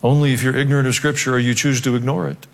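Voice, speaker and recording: A man's voice: mid-range voice, level tone, rapid-fire, creaky. A male pastor preaching a sermon, swinging between joking asides and emphatic exhortation. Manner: humorous asides, emphatic rising delivery. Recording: long hall reverb.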